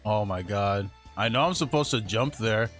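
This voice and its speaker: A young man casually commentating a platform game on a livestream, slangy and profane, laughing often and yelling when he dies in the game. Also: fairly low pitch, moderate pace, soft background music. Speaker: streamer.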